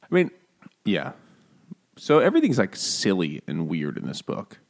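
A man with a lowish voice chatting casually about a book. He laughs a lot and slips into playful voices when he quotes the characters. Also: normal speed. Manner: jokey, laughing often, animated quoting of characters. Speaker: podcast co-host.

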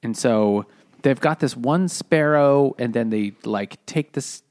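A man recapping a novel in relaxed podcast talk. He stumbles along with fillers and restarts. His voice sounds dry and close, with no room around it. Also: medium pitch, no room sound. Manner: halting, filler-heavy retelling. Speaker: podcast co-host. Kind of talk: casual book chat.

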